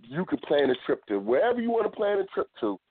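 Very animated and fast, the man's high-sided voice carries a casual talk show where he repeatedly restarts phrases and doubles up words. The podcast audio sounds tinny like a phone line, dry with no echo.

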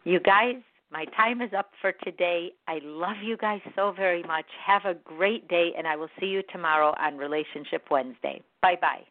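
A woman's voice: on the low side, normal speed, few pauses. A woman hosting a motivational podcast who talks straight to her listeners and acts out her own inner voices. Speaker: podcast host. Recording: dry, phone-like audio.

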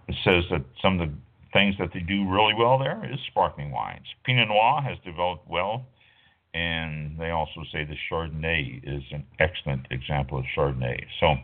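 A deep-voiced middle-aged man hosts a wine talk show, drifting from point to point with plenty of "uh"s and quick self-corrections. His voice comes through a thin, phone-like line. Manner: rambling, filler-heavy, self-correcting. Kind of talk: casual talk radio monologue.

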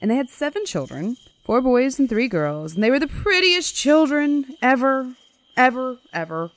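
A woman podcast host retells a folktale in casual comic style, with wry, irreverent jokes. Her pitch rises and falls a lot. The sound is close and dry, with no room echo. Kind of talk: comedic folklore storytelling.

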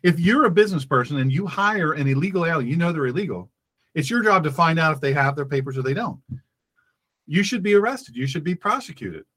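A man's voice: a little high, lively intonation, brisk, fairly bright tone. A man hosting a talk radio show, speaking as a pastor in a fervent, emphatic monologue that repeats phrases for effect.

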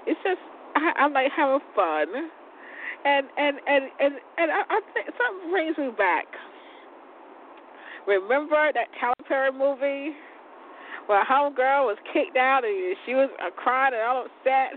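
A woman's voice: high voice, lively intonation, unhurried. A woman hosting an internet radio show, rambling casually and profanely with frequent laughter, outdoors on a balcony. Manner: chatty, profane, laughs often. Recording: tinny phone line, faint outdoor noise.

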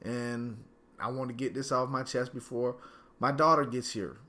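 A man's voice: medium pitch, fairly even intonation, normal speed, bright, forceful tone. A man hosting his own podcast from home, ranting angrily and profanely in a casual slangy way. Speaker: podcast host. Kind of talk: solo podcast rant.

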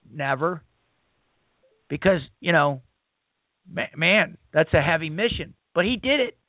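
A high-pitched man speaks as a podcast host, emphatic and repetitive, retelling a story in a loose sermon-like style. The sound is dry and tinny, as if over a phone line. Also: no echo. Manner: emphatic, repetitive, peppered with "man" and "you know". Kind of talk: casual spoken retelling, sermon-like.

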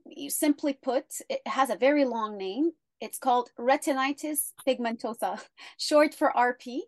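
A woman guest telling her story in an interview, earnest and measured. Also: high voice, no room sound.

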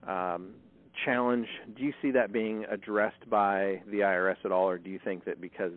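Wry low-voiced host on a phone line. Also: male voice, fairly even intonation, normal speed. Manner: chatty, wry and sarcastic. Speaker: podcast host. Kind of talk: casual interview over a phone call.

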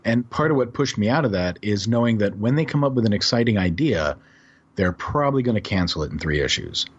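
A male podcast guest who tells stories about odd old comics in a lively way and chuckles as he goes. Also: fairly low pitch, fairly quick, lo-fi sound. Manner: animated storyteller, chuckles while describing odd comics. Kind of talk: casual podcast conversation.

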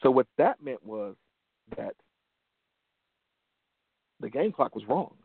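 A gravelly-voiced man from Detroit tells a personal story in an earnest, motivational way, circling back on key phrases. The sound is dry and narrow, like a phone line, with no room around him. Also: mid-range voice, sing-song, slow, no echo. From Detroit, USA. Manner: earnest, repeats phrases for emphasis. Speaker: motivational show host.

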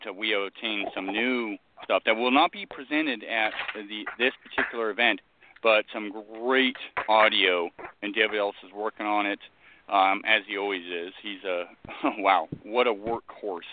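A man's voice: lowish voice, normal speed, slight background noise. A man co-hosting a casual radio show, talking enthusiastically with lots of fillers and restarts. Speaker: co-host. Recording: tinny phone-like sound.

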